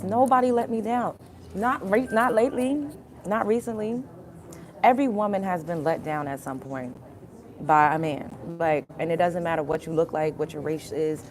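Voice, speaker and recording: A young woman with a slightly low voice rants casually to her livestream audience. She is blunt and emphatic, swears freely, and keeps circling back to her point while speaking straight to the viewers. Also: normal speed, slight background noise. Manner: repetitive, addresses viewers directly. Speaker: livestream host.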